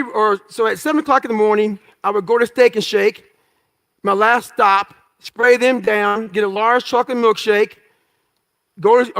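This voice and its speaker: Guy with a really high voice telling his story to an audience, swears a lot, short punchy bits. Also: a bit bright. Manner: blunt and profane, acts out his own past thoughts; emphatic, punchy short phrases. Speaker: motivational speaker.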